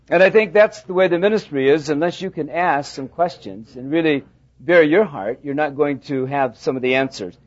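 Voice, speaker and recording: A pastor preaching a sermon, telling a folksy story with halting restarts. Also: male voice, on the high side. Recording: dull lo-fi sound.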